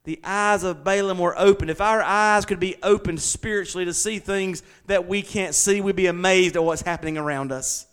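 A man delivers a sermon in a notably high voice. He reads scripture aloud, then builds fervently into strong, confident proclamations. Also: steady tone, normal speed, hardly any pauses, fairly bright tone, clear, resonant tone. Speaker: preacher.

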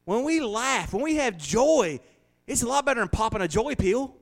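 A man's voice: very high voice, very animated, normal speed. Folksy man preaching. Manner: folksy, joking, laughs often. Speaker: pastor. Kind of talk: sermon. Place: small church.

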